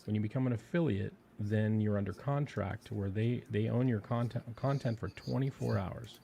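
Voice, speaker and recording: A man's voice: fairly low pitch, moderate pace, gravelly, dark tone, slight background noise. A man co-hosting a livestream, laid-back and casually explaining things. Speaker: co-host. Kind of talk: casual chat.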